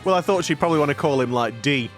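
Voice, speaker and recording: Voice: medium pitch, lively intonation, racing, faint music behind. A co-host making wry, teasing remarks while friends play through a game together. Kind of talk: casual group chat over a game.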